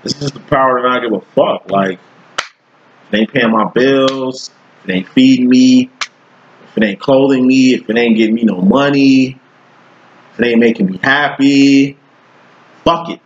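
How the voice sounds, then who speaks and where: A man's voice: moderate pace, lo-fi sound, slight background noise. Blunt, profane male tarot reader. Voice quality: profane, blunt and streetwise, with slang. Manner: animated, rhythmic, jumping in pitch for emphasis. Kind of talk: casual tarot reading monologue.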